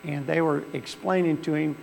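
Gravelly preacher man. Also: a little high, fairly even intonation, normal speed. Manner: folksy storytelling, swelling to fervent preaching. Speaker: pastor. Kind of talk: sermon. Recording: long hall reverb with faint mains hum.

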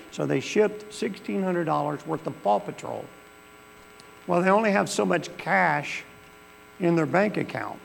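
A man's voice: fairly high pitch, creaky. A male pastor, preaching a sermon in a church with folksy storytelling that swells into fervent preaching. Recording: long hall reverb with faint mains hum.

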